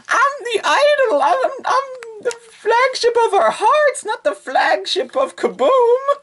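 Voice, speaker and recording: A man voicing a timid, whiny young idol girl in a squealing falsetto, sobbing as he talks. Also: sing-song, takes it slowly, bright, forceful tone, full character voice. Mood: whiny scared.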